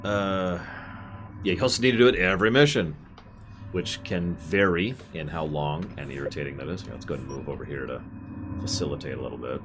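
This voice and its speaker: A man's voice: a bass voice, brisk, noisy background. A man streaming a game and chatting casually, wandering into side tangents as he plays. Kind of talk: casual gameplay commentary.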